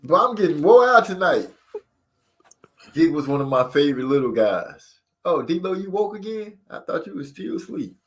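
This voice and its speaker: A man's voice: a little high, big pitch swings, moderate pace. A man hosting a casual live boxing chat at a home mic. He talks loosely and jokes at his own expense. He breaks off now and then to read viewer comments. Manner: joking, self-deprecating, reads chat aloud. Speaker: channel host.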